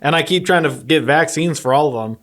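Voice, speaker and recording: A man's voice: fairly high pitch, a little fast, a bit bright. A man co-hosting a comedy podcast, chiming in with playful jokes and silly bits. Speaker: podcast co-host. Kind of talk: casual comedic chat.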